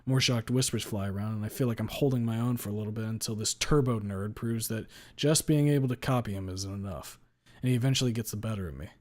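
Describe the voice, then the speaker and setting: Man, fairly low voice, deadpan, blunt, casual swearing, story reading. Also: quick pace. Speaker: story reader. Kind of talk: first-person story reading.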